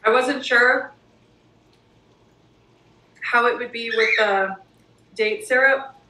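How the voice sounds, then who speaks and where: A woman's voice: on the high side, takes it slowly, pushed and bright. A woman co-hosting a cooking show, chatting casually and gushing enthusiastically about the food she is tasting. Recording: echoey room, mic at a distance.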